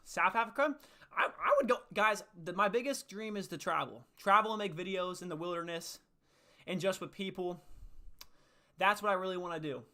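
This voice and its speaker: A man's voice: sits high, moderate pace, pushed and bright. A young man hosting a casual faith livestream, upbeat and chatty, reading and answering viewers' chat. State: out of breath after push-ups. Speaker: livestream host.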